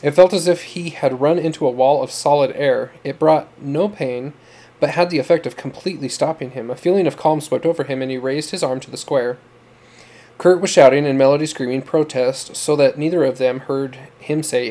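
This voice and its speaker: Mellow male storyteller. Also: a little high, fairly quick. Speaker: narrator. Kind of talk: scripted audiobook narration.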